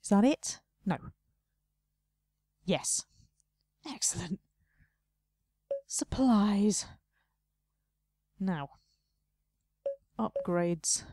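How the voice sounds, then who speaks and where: A woman's voice: mid-range voice, animated, extremely slow, pauses often, warm tone, no room sound, clean studio sound. A woman talking casually to herself while playing a video game, muttering and playfully scolding the game's customers. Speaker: gaming video host. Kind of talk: casual let's play commentary.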